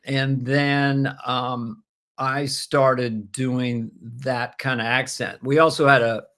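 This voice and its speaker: Halting older man, comic guest. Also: medium pitch, flat delivery, a bit bright. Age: 70s. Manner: halting, many restarts, laughs often. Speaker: guest comedian. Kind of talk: casual interview chat.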